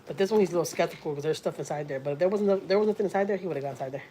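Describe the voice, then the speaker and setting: A woman's voice: lowish voice, racing, mellow, a little hiss or hum. A woman from Houston with a Southern accent, chatting casually on a home livestream, blunt and salty, and talking to her cat now and then. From Houston, Texas. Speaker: vlogger. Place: home, indoors.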